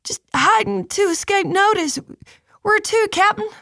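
A woman's voice: very high voice, measured pace, creaky, fairly bright tone, dry recording, studio quality, voice pushed up, heavily acted. A woman reading an audiobook voices Tristo, a scrappy young fisher lad with a chatty, cheeky way of telling things. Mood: eager. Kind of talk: audiobook character voice.

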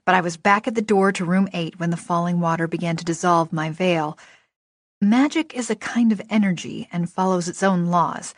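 A woman narrating a first-person novel in a lively, expressive storytelling voice. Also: lowish voice, no echo, studio quality. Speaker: audiobook narrator.

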